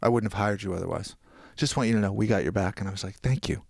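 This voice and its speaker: A man's voice: on the low side, fast talker, vocal fry, no echo, studio quality. A young man casually telling a long story on a podcast, acting out the people he quotes. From New Jersey. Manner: animated, acts out quoted people. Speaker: podcast guest.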